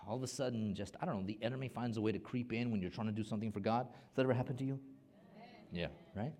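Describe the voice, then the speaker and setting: Man, pastor, middle-aged, sermon, lively swings in volume, repeats words. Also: very fast. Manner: animated preaching with big swings in loudness and pitch, repeats words.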